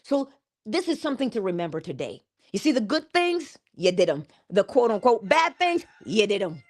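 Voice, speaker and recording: A woman's voice: medium pitch, sing-song, normal speed. A woman giving a morning inspirational talk, with preacherly calls and frequent laughter. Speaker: motivational speaker.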